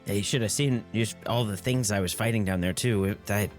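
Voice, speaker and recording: A man's voice: lowish voice, fairly quick, soft background music. A man playing a tabletop role-playing game, chatting casually and playfully in and out of character. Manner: playful, laughs often.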